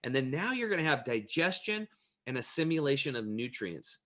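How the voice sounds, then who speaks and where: A man speaking as an interview guest, an energetic, emphatic and plain-spoken storyteller. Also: mid-range voice, brisk.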